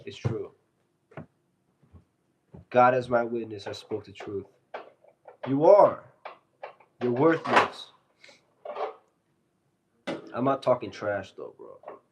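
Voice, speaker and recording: A man's voice: medium pitch, takes it slowly, pauses often, background noise. A man on a casual live stream, reading out viewer comments and answering them loosely and playfully into his phone. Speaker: fitness streamer.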